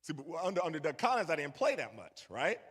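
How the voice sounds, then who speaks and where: A man's voice: fairly high pitch, very animated, quick pace, fairly bright tone, slightly rough. A middle-aged man telling a story to a young audience and bantering with the crowd. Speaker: guest speaker. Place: large church hall. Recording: echoey church hall.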